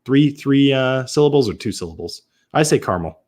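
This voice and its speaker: A man's voice: mid-range voice, expressive, moderate pace, darkish tone. A man from Massachusetts hosting a casual live-stream whiskey tasting, chatting loosely, often restarting and correcting himself as he answers viewers. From Massachusetts, USA.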